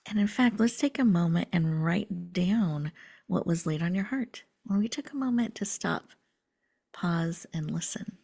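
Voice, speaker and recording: A woman host leads a guided breathing meditation, her low voice soft and unhurried. She often slips into breathy half-whispers, and a gravelly edge runs through her tone. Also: animated.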